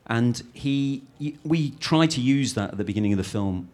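A middle-aged man from Britain talks through his films as an interview subject. He rambles, breaks off and restarts his sentences, and keeps up a lively flow. His voice sits at an ordinary pitch for a man. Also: normal speed. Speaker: film director. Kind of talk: interview answers.

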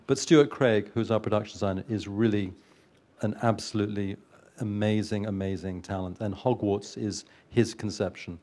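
A man's voice: lowish voice, steady tone, normal speed, dark tone. A man, a film producer, answering interview questions earnestly, with frequent hesitations and restarts.

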